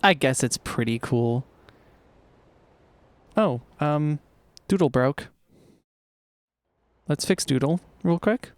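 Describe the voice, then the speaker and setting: A man's voice: on the high side, animated, slow pace, pauses often, no room sound. A man chatting casually while he streams a game, thinking aloud and swearing now and then. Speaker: livestreamer. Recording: loud truck and traffic game noise.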